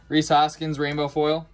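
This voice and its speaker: A young man hosting a live trading card break, listing names as he opens packs and stumbling over his words now and then. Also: on the high side.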